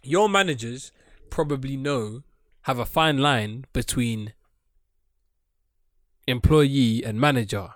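A man's voice: medium pitch, slow pace, long pauses, a bit bright, no echo, studio quality. A young man with a British accent co-hosting a casual podcast, laughing often and bantering bluntly. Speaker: podcast co-host. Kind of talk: casual chat.

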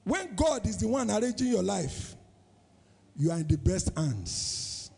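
A man's voice: sits high, sing-song, measured pace, creaky, a little mellow, husky, big-room sound. A man with a Nigerian accent preaching a sermon as pastor, in a sing-song style that throws questions out to the congregation. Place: church service.

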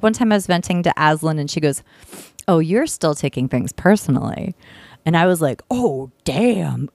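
A woman's voice: lowish voice, dry recording, studio quality. A woman co-hosting a podcast, telling stories casually and swearing freely. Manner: candid, swears freely, animated. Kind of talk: casual chat, storytelling.

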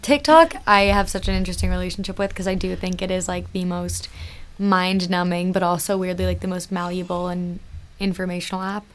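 A woman's voice: on the low side, fairly even intonation, fairly quick. A woman in her twenties hosting a casual podcast, breezy and joking. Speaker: podcast host.

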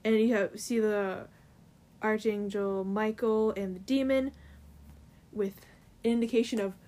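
A woman's voice: medium pitch, steady tone, a little slow, mellow. A woman in casual chat, retelling a comic's story in a loose, filler-heavy way full of "like" and "um".

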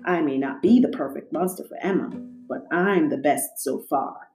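A woman's voice: low-pitched, darkish tone, soft background music. Woman doing a growling hulking monster. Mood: grumbling. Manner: growling, slow and commanding. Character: gruff hulking clawed male monster, bossy. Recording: roomy echo.

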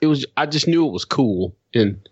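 A man's voice: mid-range voice, animated, normal speed, darkish tone, breathy edge, no room sound, highs cut off. A man co-hosting a podcast in casual chat, loose and rambling with lots of "like" and "you know". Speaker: podcast co-host.

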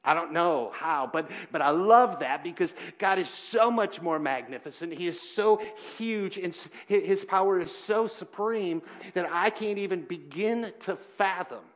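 Earnest male preacher, fairly high voice. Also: animated. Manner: earnest, halting, swings from loud emphasis to quiet. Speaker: pastor. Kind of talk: sermon. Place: church.

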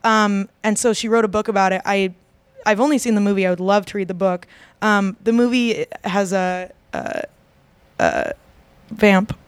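Chatty woman with a smooth voice. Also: medium pitch, fairly even intonation, moderate pace, dry recording. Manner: rambling, many fillers and restarts. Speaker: podcast co-host. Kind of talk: casual chat.

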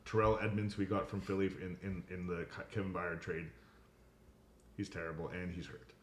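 A man in casual podcast chat, telling stories in an animated way and laughing often. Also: low-pitched, moderate pace. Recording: echoey room.

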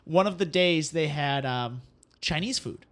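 A man with a somewhat higher-than-usual voice tells a long, meandering anecdote in casual podcast chat. He slips into the voices of the people he quotes and keeps an easygoing storytelling flow. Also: unhurried, fairly bright tone. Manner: rambling anecdotes with acted-out quotes. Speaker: podcast guest.

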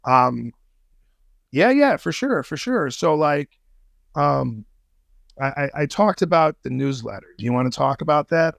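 A man's voice: fairly high pitch, animated, unhurried, vocal fry, pauses often, no room sound. A man as a podcast guest in casual interview chat, slangy and profane, with many fillers and restarts. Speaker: podcast guest, intelligence analyst.

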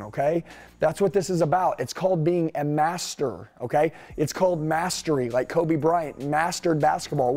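A man coaching salespeople in an energetic, punchy way, firing off rhetorical questions. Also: fairly high pitch. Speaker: sales trainer.

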